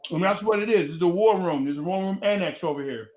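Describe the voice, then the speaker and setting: A man's voice: sits high, fast talker, a little mellow, rough recording. A man co-hosting a casual sports chat, laid-back and teasing. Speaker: co-host.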